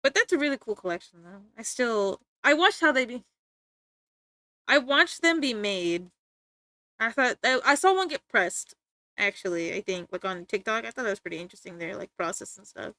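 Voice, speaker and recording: A young woman livestreamer chatting casually to her viewers, giggly and rambling, with sudden bursts of excitement. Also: fairly high pitch, moderate pace, no room sound. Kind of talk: casual stream chat.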